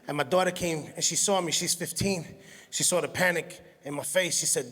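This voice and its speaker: A man, doing an animated, self-mocking stand-up comedy set and laughing at his own jokes. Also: a little high, brisk, slightly rough. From Brooklyn, New York. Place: large hall on stage. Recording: echoey hall sound.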